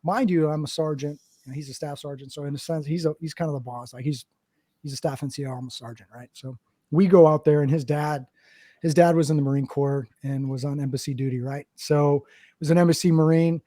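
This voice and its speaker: A man's voice: on the high side, a little fast, no echo. Profane storytelling man, dry close sound. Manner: animated, profane, acts out quotes. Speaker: podcast host, Marine veteran. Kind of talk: casual storytelling.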